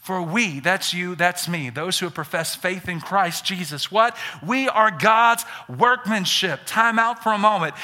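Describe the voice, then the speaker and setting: A male pastor from Alabama with a Southern accent, preaching an energetic sermon that builds to shouts on key points. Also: sits high, measured pace, hardly any pauses. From Birmingham, Alabama.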